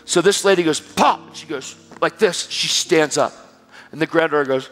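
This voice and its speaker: A high-pitched male preacher delivers an animated sermon, swinging from loud exhortation to near-whispered storytelling. His voice rings out with a long reverb through a church hall, with faint music underneath. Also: moderate pace.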